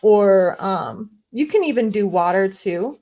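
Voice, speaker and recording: Casting: woman, mid-pitch, relaxed live-stream host chatting while painting, slightly dull lo-fi audio. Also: a little slow. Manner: chatty, loose, many fillers, reading viewer comments.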